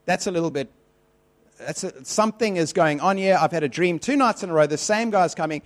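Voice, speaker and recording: High-voiced man preaching. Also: a little fast. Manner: conversational, repetitive, animated retelling. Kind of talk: sermon with personal storytelling.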